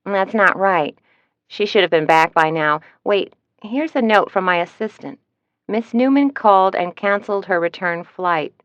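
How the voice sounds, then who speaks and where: A woman's voice: medium pitch, unhurried, a bit bright, no echo, natural voice. A woman voicing a cheerful, talkative female travel agent in an audiobook, in a dry, slightly dull recording. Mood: chirpy.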